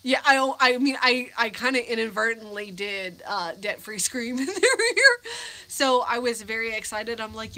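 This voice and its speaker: On the verge of tears, this American vlogger in her thirties rambles through a casual live Q&A, full of fillers and restarts. Her voice is fairly high, sharp and expressive, at a normal speed.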